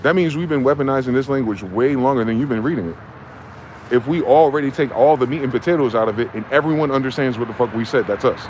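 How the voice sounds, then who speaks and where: Man from new jersey, profane rant, mid pitch, fast and heated, clear car and road noise behind. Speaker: vlogger. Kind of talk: ranting monologue.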